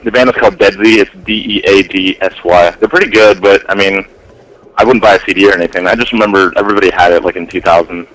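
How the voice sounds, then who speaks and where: A man with a lowish voice rambles through a loose, crude podcast chat. He trades jokes with his co-hosts in an offhand, meandering way. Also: steady tone, quick pace, fairly bright tone, rough recording. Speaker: podcast co-host. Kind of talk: casual chat.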